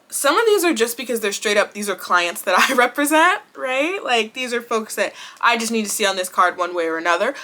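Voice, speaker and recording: A woman hosting her own wrestling vlog in casual chat, animated and blunt, swearing and laughing often. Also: medium pitch. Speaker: wrestling vlogger.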